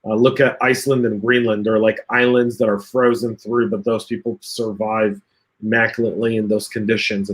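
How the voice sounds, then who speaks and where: A man hosting a casual livestream over a video call, reading out viewer comments and joking along with the panel. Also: lowish voice. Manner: chatty, reads viewer comments aloud, jokey. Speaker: podcast host reading live chat.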